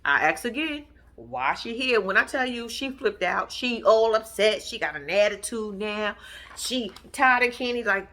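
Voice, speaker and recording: A woman's voice: fairly high pitch, measured pace. A woman hosting a casual vlog, swearing freely and laughing as she tells stories straight to her viewers. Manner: profane, animated, talks straight to viewers as y'all. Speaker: vlog host recapping a TV episode. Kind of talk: casual storytelling commentary.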